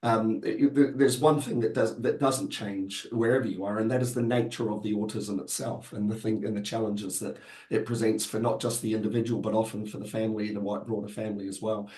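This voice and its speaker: A man with a New Zealand accent, hoarse and croaky from being unwell, talking as a guest in a webinar with many fillers and restarts. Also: on the low side, fairly even intonation, brisk, a little mellow, reverberant. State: hoarse from illness. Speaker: panel guest. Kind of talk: webinar discussion.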